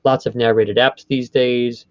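A man's voice: medium pitch, level tone, a little slow, no echo. Man explaining voiceover work, dull sound. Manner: explanatory, rephrases and restarts often. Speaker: voice studio owner. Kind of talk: conversational interview.

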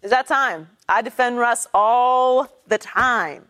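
A woman's voice: on the high side, slow pace, fairly bright tone. A woman on a sports talk panel, laying out her argument firmly and methodically with statistics. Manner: firm, lays out stats methodically. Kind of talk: sports debate.

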